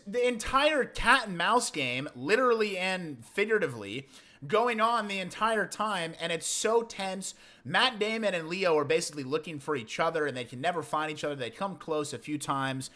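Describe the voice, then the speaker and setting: A man's voice: high-pitched, expressive, moderate pace, bright, forceful tone. A man chatting through a movie review while riding a motorcycle outdoors, rambling and self-deprecating. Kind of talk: casual spoken review.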